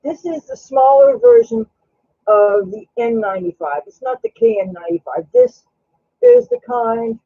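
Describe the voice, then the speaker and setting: A man's voice: very high voice, very animated, moderate pace, no room sound, highs cut off. A man hosting a casual live stream while baking in his home kitchen. He is chatty and coos baby talk at his cat.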